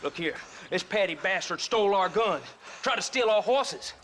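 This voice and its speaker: An actor with a Welsh accent playing a mocking, menacing thug. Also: male voice, high voice, lively intonation, normal speed, a bit bright, voice pushed down. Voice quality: gravelly, sneering. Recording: game audio with outdoor noise.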